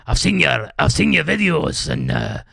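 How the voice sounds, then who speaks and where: A man's voice: mid-range voice, huge pitch swings, moderate pace, creaky, bright, forceful tone, breathy edge, dry recording, studio quality, exaggerated voice. A man putting on a blunt Scottish club promoter. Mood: enthusiastic. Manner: blunt, sweary.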